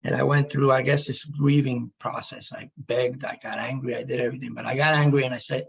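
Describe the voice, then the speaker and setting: A man telling his near-death story as emotional personal testimony, halting and pausing as he speaks. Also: medium pitch, level tone, creaky, lo-fi sound. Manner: halting, emotional, with pauses and restarts.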